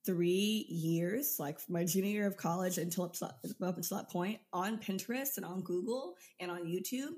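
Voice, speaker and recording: A woman in her twenties speaks in a somewhat low register as a podcast guest. She tells her story with energy and laughs often. It sounds like a casual, personal interview. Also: normal speed, hardly any pauses, darkish tone. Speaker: podcast guest, business coach.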